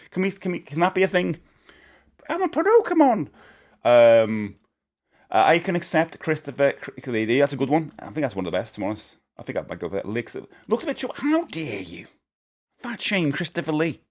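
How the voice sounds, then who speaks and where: A man chatting casually on a live stream, rambling and joking, laughing often. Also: mid-range voice. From United Kingdom.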